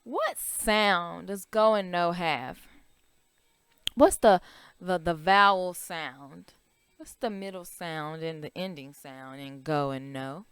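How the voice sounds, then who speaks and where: A woman's voice: lowish voice, slow, a bit bright, smooth, no echo. A woman teaching a children's phonics lesson, stretching out vowel sounds and asking the class questions.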